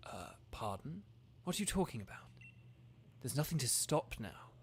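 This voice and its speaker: A man's voice: medium pitch, sing-song, normal speed, a little hiss or hum, pitched below the performer's own voice. A man reading a zealous middle-aged businessman villain aloud, in a solemn, self-justifying voice. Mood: solemn, grandiose.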